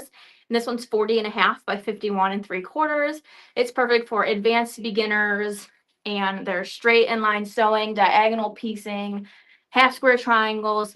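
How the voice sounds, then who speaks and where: A woman's voice: medium pitch, fairly bright tone. A young woman hosting a casual live show of new quilting products, chatty and laughing at her own verbal slips. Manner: chatty, giggly, trips over words and laughs at herself.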